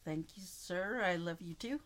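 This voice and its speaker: Slow, low-voiced middle-aged woman. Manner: brief, plain answers. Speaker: guest, host's mother. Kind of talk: casual interview.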